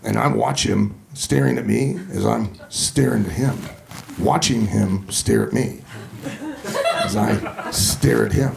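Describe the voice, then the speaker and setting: A man in his fifties telling profane, animated stories during a stand-up set on a comedy club stage. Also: on the low side, slow pace, gravelly, a little hiss or hum. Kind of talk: stand-up storytelling.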